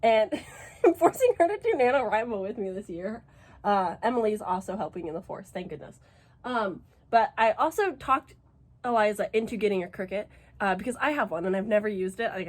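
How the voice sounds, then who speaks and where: A woman's voice: medium pitch, expressive, moderate pace. A woman chatting casually to camera at home as a reading vlogger, gushing and exclamatory, swearing freely. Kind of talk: casual vlog chat to camera.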